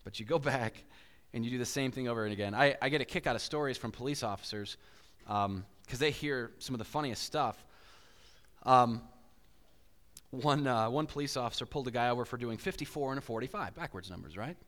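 A man preaching a sermon, telling stories in an animated way and acting out inner voices with big swings. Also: medium pitch, brisk. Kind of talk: sermon with storytelling. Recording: hall reverb.

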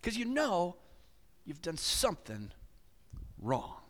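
A fairly high-voiced man preaching in a large hall, his words trailing off into a long reverb. He tells everyday stories with lively swings, slipping into the voices of the people he describes. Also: slow pace. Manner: animated, acts out inner voices with big swings. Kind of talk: sermon with storytelling.

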